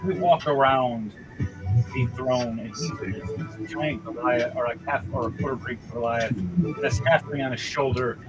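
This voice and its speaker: A man runs a tabletop game as dungeon master, painting each scene in vivid, rambling bursts. His voice sits in a middle pitch. Clear music plays behind him. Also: unhurried, rough recording. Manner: vivid, rambling narration with restarts.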